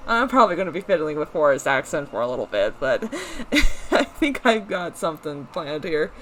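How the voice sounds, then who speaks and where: Casual gaming host, chatty, rambling, mid-pitched voice, faint hiss on the track. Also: big pitch swings, moderate pace, fairly bright tone. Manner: chatty, rambling, self-correcting asides. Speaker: let's play host. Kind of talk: casual game commentary.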